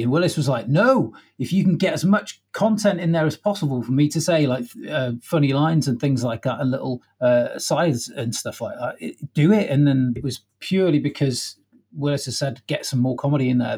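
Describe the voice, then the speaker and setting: Husky man retelling film trivia. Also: fairly high pitch. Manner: animated storyteller, hums music cues. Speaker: podcast co-host. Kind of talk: casual film discussion.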